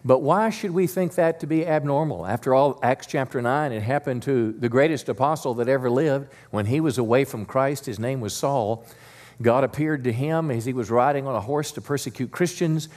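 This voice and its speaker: A man's voice: medium pitch, moderate pace, darkish tone. A male pastor preaching a sermon in a church, talking conversationally and leading the congregation in call-and-response. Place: church sanctuary.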